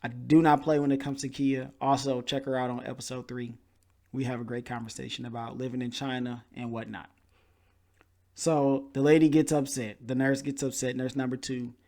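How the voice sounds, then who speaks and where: Speaking at a moderate pace in a mid-range voice, this podcast host narrates a story casually and animatedly. He acts out the people he's quoting.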